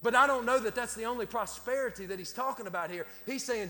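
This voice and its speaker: A man's voice: extremely high pitch, quick pace, few pauses, pushed and bright. A man preaching a sermon in a folksy, repetitive way, with stammered restarts and plain country grammar. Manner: folksy, repeats words, Southern-style grammar. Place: church sanctuary. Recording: long reverb in a hall.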